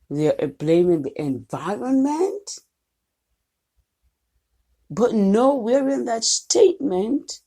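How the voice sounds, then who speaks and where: A woman's voice: medium pitch, creaky, dark tone, husky. A woman college instructor giving a recorded lecture, emphatic and posing questions to the class.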